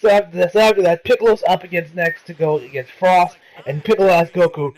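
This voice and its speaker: A man's voice: high-pitched, fairly even intonation, fast talker, few pauses, darkish tone, rough recording. A man casually reviewing an anime episode, rambling and swearing with lots of fillers. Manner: rambling, profane, many fillers.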